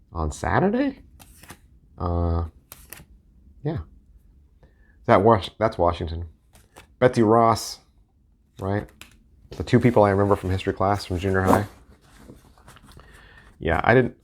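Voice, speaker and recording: A man's voice: on the low side, lively intonation, unhurried, pauses often. A middle-aged man rambling casually as he reviews playing-card decks, joking and poking fun at himself. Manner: rambling, joking and self-mocking. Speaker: deck collector and video host.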